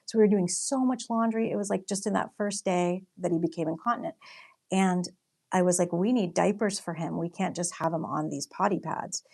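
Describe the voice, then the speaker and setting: A young woman talks in a relaxed, chatty way while painting on a livestream. Her voice sits fairly low and often drops into a gravelly fry. She tells stories with plenty of fillers and stops now and then to read out viewer comments. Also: fairly quick. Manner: chatty storytelling, many fillers, reads out comments. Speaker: livestream host and artist.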